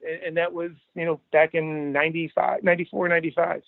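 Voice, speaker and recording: A middle-aged man, a podcast guest, telling career stories in a casual, animated way and quoting people along the way. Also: a little high, fast talker, creaky, dry recording. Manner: animated, anecdotal, quotes people in his stories. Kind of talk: casual storytelling interview. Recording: dry, tinny phone-like line.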